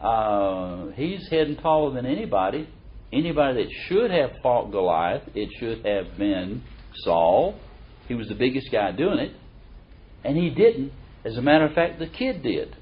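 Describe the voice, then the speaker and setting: A middle-aged man teaching a Bible lesson in a chatty, folksy way. His pitch swings widely as he acts out the verses, and the recording sounds dull and lo-fi. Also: a little slow. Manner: folksy and animated, reads verses aloud with emphasis. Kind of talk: conversational sermon.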